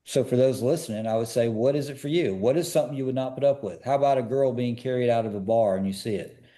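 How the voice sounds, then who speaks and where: He talks fast, with a warm tone at medium pitch. A personal security expert guesting on a podcast, he tells stories in an easygoing interview with earnest emphasis, repeatedly pressing questions on his listeners.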